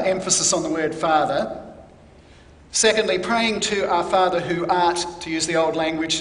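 A man preaching a sermon in a measured, deliberate teaching manner, stressing key words. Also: high voice, steady tone. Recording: echoey hall.

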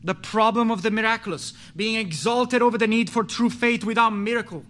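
Bright, high-voiced impassioned preacher man. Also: fairly even intonation, fairly quick. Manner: impassioned, swings from pleading loud to low and hushed; repeats and restarts words. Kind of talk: sermon.

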